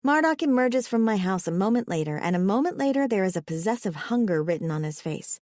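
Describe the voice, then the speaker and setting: A woman narrating a first-person romance audiobook in an even storytelling manner. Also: mid-range voice, fast, dry recording, clean studio sound.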